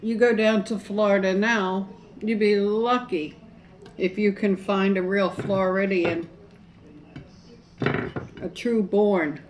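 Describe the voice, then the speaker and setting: Slow-talking chatty woman vlogger. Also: medium pitch, fairly even intonation, slight background noise. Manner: chatty, rambling, folksy sign-off. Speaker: mukbang vlogger. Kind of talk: casual chat to camera while eating.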